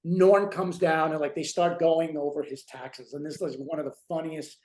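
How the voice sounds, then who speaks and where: High-voiced man chatting in an echoey room. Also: steady tone, moderate pace, darkish tone. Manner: rambling, many fillers, retelling scenes. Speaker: co-host. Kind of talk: casual chat. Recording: roomy echo.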